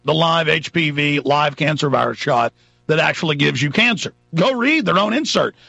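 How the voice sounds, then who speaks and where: A man's voice: fairly high pitch, lively intonation, normal speed, creaky, bright, forceful tone, dry recording, lo-fi sound. A man hosting a talk radio show, delivering a fiery, sarcastic, emphatic monologue into a studio microphone.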